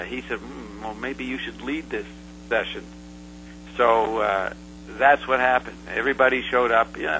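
A man being interviewed, recounting a past event in a halting, rambling way full of fillers and restarts. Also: mid-range voice, sharp tone, a little hiss or hum, rough recording. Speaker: interview guest. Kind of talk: casual storytelling.

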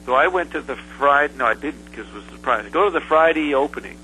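A man being interviewed, recounting a past event in a halting, rambling way full of fillers and restarts. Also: mid-range voice, lively intonation, sharp tone, slight background noise, poor audio. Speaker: interview guest. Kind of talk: casual storytelling.

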